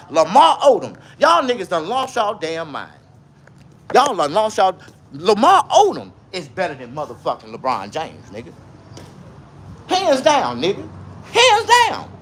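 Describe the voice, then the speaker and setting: Loud ranting man on a noisy livestream. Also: sits high. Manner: loud animated ranting with profanity, then calmer asides. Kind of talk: ranting live commentary.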